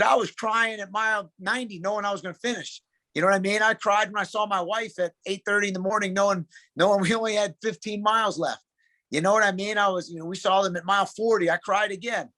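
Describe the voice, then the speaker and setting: Excitable man with a higher voice. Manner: emphatic, excitable, calls people dude. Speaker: wrestling coach, podcast guest. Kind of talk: casual interview chat.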